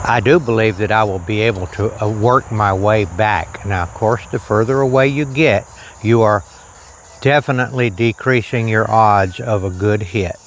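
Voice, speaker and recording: A man demonstrating archery outdoors on a shirt lavalier, talking slowly and plainly and drifting into preacherly reflections on faith. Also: fairly low pitch, a little hiss or hum. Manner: slow, plain-spoken, preacherly asides. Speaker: archery vlogger. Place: outdoors on a rural property.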